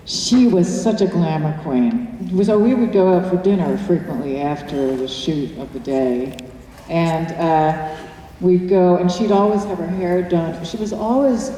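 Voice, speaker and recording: An older actress answering audience questions in a chatty, anecdotal way, laughing often at a screening Q&A in a cinema. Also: female voice, lowish voice, dark tone. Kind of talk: post-screening Q&A. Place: cinema auditorium. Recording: echoey hall from far off, faint room noise.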